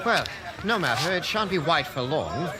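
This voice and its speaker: A cold Irish-accented officer, high lively voice, clipped orders, radio drama with loud music and crowd. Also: male voice, normal speed. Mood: cold commanding. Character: stern male British commanding officer.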